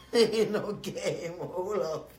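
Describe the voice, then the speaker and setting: A woman from Jamaica with a Jamaican accent, talking loudly and profanely to her live-stream viewers in a casual, rambling way, often breaking into laughter. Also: lowish voice, drawn-out words, reverberant. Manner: profane, loud and animated with frequent laughs.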